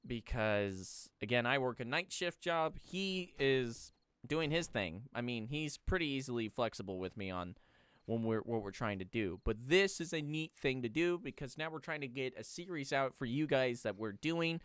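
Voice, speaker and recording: A man's voice: medium pitch, normal speed, clear, resonant tone, no echo, studio quality. A young adult man hosting a casual gaming video, chatting with a friend, ranting and swearing in exasperation. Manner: animated, exasperated rants, swears freely. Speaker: host.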